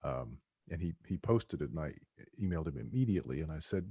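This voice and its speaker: A man's voice: a bass voice, big pitch swings, normal speed, mellow, slightly rough, dry recording, clean studio sound. A man who co-wrote a book, talking about it casually on a podcast with many restarts. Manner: rambling, with many restarts and "you know". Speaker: book co-author and guest.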